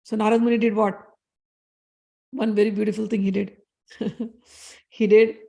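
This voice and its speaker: A woman, a spiritual teacher who tells devotional scripture stories in an animated, expressive way. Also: mid-range voice, gravelly. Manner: animated, expressive, chants Sanskrit verses rapidly.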